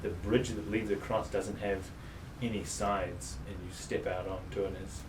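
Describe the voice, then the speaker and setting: A man's voice: lowish voice, flat delivery, moderate pace. A man narrating a tabletop game as game master in a loose, meandering way. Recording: roomy, far from mic, noisy.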